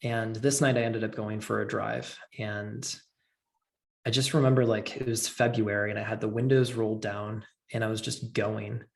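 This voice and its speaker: Guy with a gravelly voice telling his own story on a podcast, earnest, lots of "like". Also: lowish voice, little pitch movement, normal speed. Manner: earnest, heavy use of "like". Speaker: guest. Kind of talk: personal story in a podcast interview.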